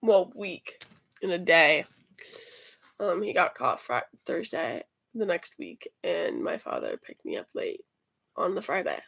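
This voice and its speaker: Lively, creaky-voiced young woman rambling. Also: fairly low pitch, a little slow. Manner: swears freely, rambling with fillers and restarts. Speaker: student vlogger. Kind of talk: casual rambling storytelling.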